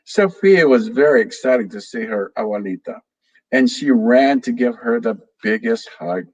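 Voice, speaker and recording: Here a guest reader who writes children's books reads a storybook aloud to a young audience, slow and full of expression as he talks to them. His mid-range voice is creaky with a breathy edge, and the audio quality is poor.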